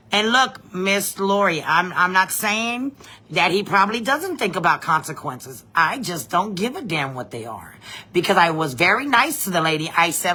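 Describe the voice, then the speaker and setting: A woman, telling a story in a blunt, profane, animated vlog rant. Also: fairly low pitch, moderate pace, slightly rough. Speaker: vlogger.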